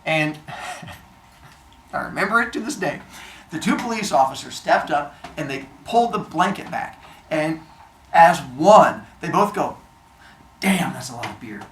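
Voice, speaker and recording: A man telling a personal story in a casual way, acting out the other people's lines in an animated manner. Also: on the high side, unhurried, long pauses. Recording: roomy echo, faint noise.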